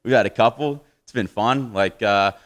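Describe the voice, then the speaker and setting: A young Australian man working a comedy stage with a stand-up set. His voice sits fairly low. He swears freely and mocks himself in easy, boozy banter with the audience. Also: normal speed, a bit bright. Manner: swearing, boozy, self-mocking banter with the crowd.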